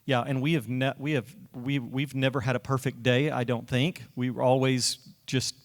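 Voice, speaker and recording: Halting man in a reverberant hall. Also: mid-range voice, flat delivery. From United States. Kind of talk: casual conversation on a church stage. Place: church hall.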